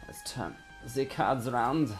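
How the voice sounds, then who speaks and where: A man's voice: mid-range voice, a little slow, faint music behind. A man chatting casually and irreverently while unboxing gear in a bedroom at home. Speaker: hardware reviewer. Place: bedroom at home under a studio light.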